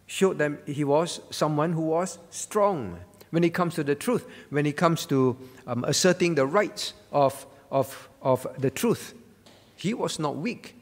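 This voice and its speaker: A man's voice: fairly high pitch, in a large hall. A male pastor preaching a sermon at a prayer meeting, earnest, teaching with rhetorical questions and fillers. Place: church.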